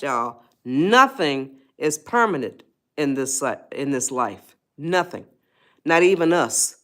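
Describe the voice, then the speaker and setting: A middle-aged woman with a drawl gives folksy life advice on a livestream, speaking to her viewers directly and answering their comments. Her voice sits fairly low but swings widely up and down. She takes her time with unhurried, drawn-out phrasing. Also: animated. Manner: folksy, talks straight to viewers, answers chat. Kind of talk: casual motivational livestream talk.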